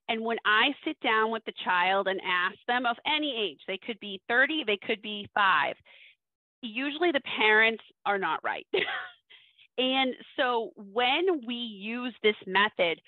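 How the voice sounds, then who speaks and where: A woman's voice: mid-range voice, no room sound. A woman giving a webinar talk as a social skills coach, teaching in a conversational way and often checking in with "right?". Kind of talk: webinar presentation. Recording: dry, phone-like audio.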